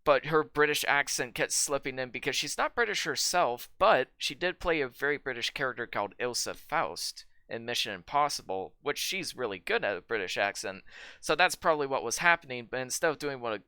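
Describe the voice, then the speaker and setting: Bright, clear-voiced opinionated man. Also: mid-range voice, expressive, a little fast, no echo. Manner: opinionated, emphatic, swears freely. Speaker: podcast co-host. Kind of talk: casual film review chat. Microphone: remote call mic.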